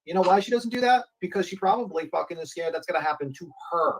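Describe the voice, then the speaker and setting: A man's voice: high voice, animated, fast, poor audio. A man from New York talking on a commentary channel, who rambles, swears and acts out the lines he quotes. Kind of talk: casual commentary chat.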